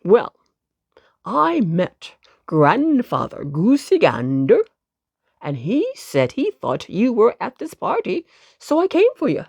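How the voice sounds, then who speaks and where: A woman voicing a kind, polite old male circus dog who marches as a soldier, calling out heartily in a slow, gravelly storybook voice. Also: medium pitch, wildly swooping pitch, a little mellow, no room sound, exaggerated voice. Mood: friendly.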